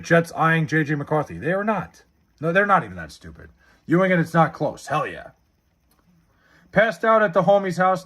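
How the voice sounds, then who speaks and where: A man's voice: on the high side, a bit bright. A man casually chatting on a live stream, reading chat messages and answering with profane, sarcastic banter.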